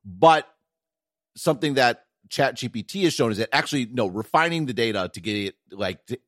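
A middle-aged man from Wisconsin with a Wisconsin accent, co-hosting a tech podcast in animated casual chat, full of restarts and quick "right?" checks. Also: mid-range voice, no room sound, studio quality. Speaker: podcast co-host, tech analyst.

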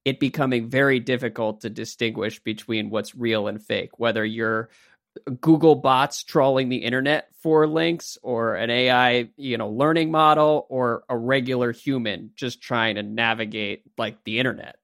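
A man hosting a podcast, reading listener questions in relaxed, friendly casual chat. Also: mid-range voice, normal speed, no echo, clean studio sound.

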